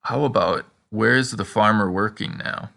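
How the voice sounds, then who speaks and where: Low, gravelly-voiced man teaching a lesson. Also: sharp tone. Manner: prompting the listener with questions and pauses; slows down for example sentences. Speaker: language teacher. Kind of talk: scripted language lesson.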